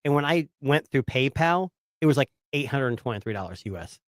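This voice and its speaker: A man's voice: mid-range voice, expressive, brisk, dry recording. Rambling man with a dry sound. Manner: rambling, filler-heavy storytelling. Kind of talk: casual tech chat.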